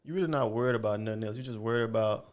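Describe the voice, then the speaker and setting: A man's voice: on the low side, racing. A man co-hosting a podcast in casual chat, laid-back and chiming in to agree. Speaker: podcast co-host.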